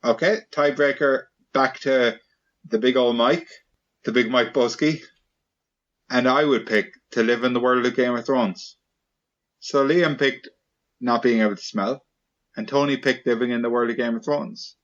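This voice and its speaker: A man hosting a casual comedy podcast, peppering his friends with quick playful questions. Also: mid-range voice, fairly even intonation, a bit bright, highs cut off. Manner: playful, quick questions, jumps into silly voices. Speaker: podcast host.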